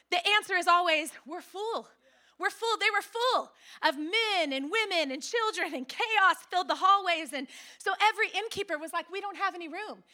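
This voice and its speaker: A woman pastor in her thirties preaching a sermon, telling the story with animated, playful asides. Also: very high-pitched.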